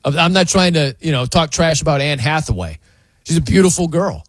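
Male sports talk host, emphatic incredulous rant, lively swooping pitch, a bit husky, dry close sound. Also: normal speed, no room sound. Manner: laughs between points. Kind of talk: opinionated sports commentary.

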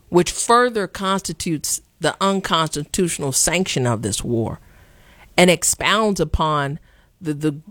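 A woman's voice: deep voice, fairly bright tone, no room sound, studio quality. A woman hosting a podcast, giving casual political commentary with sarcastic, playful asides. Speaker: podcast host.

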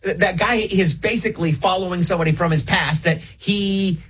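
A man co-hosting a radio show, rambling and animated in casual banter. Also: high-pitched, moderate pace, slightly rough. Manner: rambling, restarts often, animated. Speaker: radio co-host.

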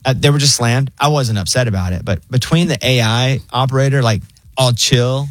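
A man in his thirties hosting a casual talk show and telling stories in an animated way. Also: mid-range voice, normal speed, dry recording. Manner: storytelling, animated retelling. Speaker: show host. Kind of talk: casual chat.

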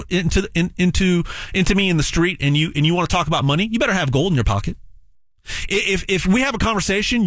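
A man giving a direct sales pitch for gold, emphatic and repetitive with frequent stammered restarts. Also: fairly bright tone, no echo.

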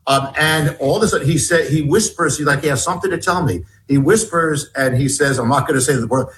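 A man talks as a guest on an interview show, recounting events in a loose, halting way. His voice sits a bit high for a man. He often restarts mid-sentence and repeats words before pushing on. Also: a bit bright, slight background noise, poor audio. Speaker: guest author. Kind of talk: storytelling in a conversational interview.

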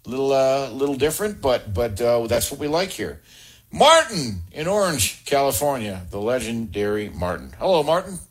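A male host runs a call-in sports radio show in a slightly husky voice. He is chatty and friendly, and he hurries callers along to the next topic. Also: medium pitch, very animated, normal speed.

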